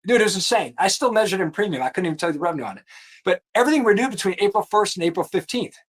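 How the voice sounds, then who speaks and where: A man in his thirties with a slightly high voice tells his career story as a guest, loose and animated. He peppers every sentence with "dude" and "like" and throws in casual swearing. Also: rapid-fire, slightly rough. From US East Coast. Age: 30s. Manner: slangy, animated, swears, says "dude" and "like" a lot. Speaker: insurance producer, guest.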